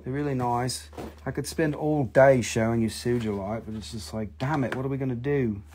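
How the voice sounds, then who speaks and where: A man selling minerals on a live stream, talking casually and excitably to viewers, swearing and joking as he shows each piece. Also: medium pitch, moderate pace, a little hiss or hum. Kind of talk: casual live-sale patter.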